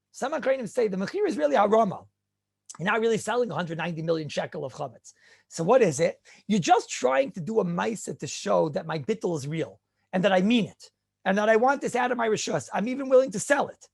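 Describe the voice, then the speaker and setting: Middle-aged rabbi, high-pitched and gravelly, animated lecturer who fires off rhetorical questions. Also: male voice. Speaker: rabbi teaching halacha. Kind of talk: halacha lecture.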